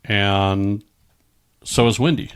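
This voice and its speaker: A man's voice: on the low side, fairly even intonation, slow pace, clear, resonant tone. A man recounting a personal story as a podcast guest in a casual way, often restarting his sentences. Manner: recounts events with frequent restarts and quoted exchanges.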